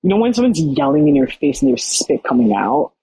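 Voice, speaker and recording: As a woman animated young guest telling her story. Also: deep voice, brisk, slightly rough, dry recording, poor audio. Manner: animated, frequent fillers and quoted dialogue. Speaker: podcast guest. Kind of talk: casual storytelling conversation.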